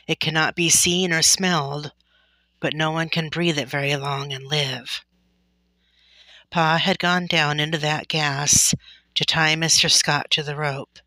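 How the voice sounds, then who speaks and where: A woman reading a classic children's novel aloud in a gentle, deliberate storytelling manner. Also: deep voice, no room sound. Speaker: storybook reader.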